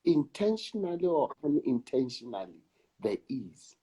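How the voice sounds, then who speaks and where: A South African man, an actor and director, talking in an interview in a slow, emphatic way and repeating words for weight. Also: fairly high pitch, big pitch swings, warm tone, husky. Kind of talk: reflective conversation.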